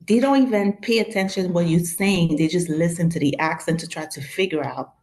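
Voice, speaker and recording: Expressive woman, Haitian-influenced accent. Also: fairly low pitch, a little fast. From New York. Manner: expressive, acts out quoted exchanges. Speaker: guest. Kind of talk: casual conversation.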